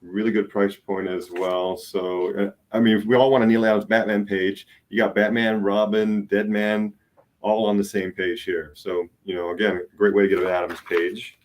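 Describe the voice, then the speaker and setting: An easygoing man with a lowish voice walks through the art he is selling. His pitch is casual and unhurried. He sounds friendly and plain. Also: little pitch movement. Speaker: comic art dealer.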